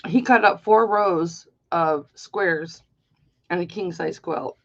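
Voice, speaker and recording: Slow-talking chatty woman host, lo-fi. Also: lowish voice. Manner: chatty, rambling, playful storytelling. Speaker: live-stream jewelry auction host. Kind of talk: casual live-stream chat.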